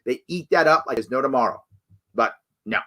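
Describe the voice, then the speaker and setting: A man hosting a live ask-me-anything stream, talking casually with many restarts and jumping up in pitch when he acts out other people. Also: fairly quick. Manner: animated, acts out quoted voices with big jumps in pitch; frequent restarts and self-corrections. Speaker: host answering live chat questions.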